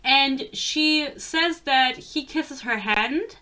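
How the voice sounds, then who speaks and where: Young woman, fairly high voice, bright and forceful, sarcastic book rant, swears a lot. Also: drawn-out words. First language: German. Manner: exasperated, sarcastic, swears freely. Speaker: book reviewer.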